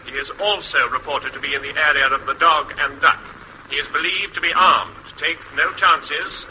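An actor playing a police radio dispatcher with a crisp, formal delivery, in vintage radio comedy. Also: male voice, sits high, full character voice. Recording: dull old radio recording with loud hiss.

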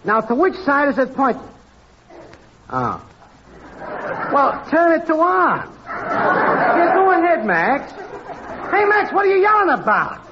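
Brash, shrill radio technician. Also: male voice, huge pitch swings, slow, pauses often, a loud crowd, very noisy, full character voice. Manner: brash, cocky, bossy. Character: brash wisecracking male network technician. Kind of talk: 1940s radio comedy acting. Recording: lo-fi 1940s radio broadcast.

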